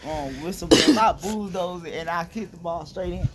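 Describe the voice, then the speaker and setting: A man's voice: high voice, a crowd in the background. Young man chiming in playfully. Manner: chimes in with quick playful interjections. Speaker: co-host. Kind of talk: casual imaginative chat.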